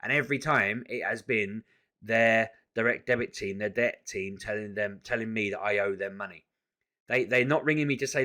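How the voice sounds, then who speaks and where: A man venting in a casual vlog to camera, exasperated and animated, often restarting his sentences. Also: fairly low pitch, moderate pace. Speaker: vlogger.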